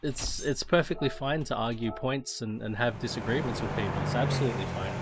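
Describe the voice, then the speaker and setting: A middle-aged Australian man telling a story in casual chat as a sim racing streamer, swearing freely and restarting his sentences often. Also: medium pitch. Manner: profane, rambling, with frequent restarts. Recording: noticeable background noise.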